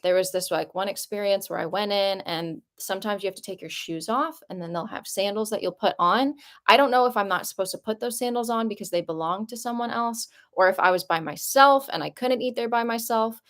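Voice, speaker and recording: A woman's voice: mid-range voice, brisk, a bit bright. A young woman vlogging casually from her apartment, talking in a chatty, rambling way with lots of "like" and rising emotion. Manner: chatty and rambling, heavy use of "like"; emotional, voice jumps up when moved. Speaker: vlogger answering viewer questions. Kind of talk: casual live-stream chat.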